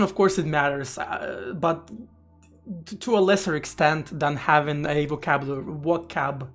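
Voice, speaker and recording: Rambling, stammering live streamer. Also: medium pitch. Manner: rambling, stammering restarts, casual swearing. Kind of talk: casual live-stream chat while coding.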